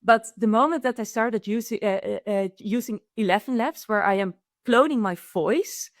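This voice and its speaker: A woman's voice: fairly high pitch, moderate pace, no room sound, clean studio sound. A woman with a Dutch accent, talking enthusiastically as a guest in an interview and often restarting her sentences. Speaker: guest, AI consultant. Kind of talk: conversational interview.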